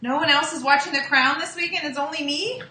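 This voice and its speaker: A woman's voice: high voice, brisk, sharp tone. Woman, cooking show host, chatty, talks to live viewers, echoey kitchen, faint background noise. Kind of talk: casual live cooking demo.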